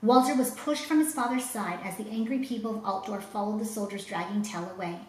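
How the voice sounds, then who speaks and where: A woman telling a children's story with dramatic, expressive reading. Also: mid-range voice, fairly quick, slight background noise. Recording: roomy echo, faint ambience.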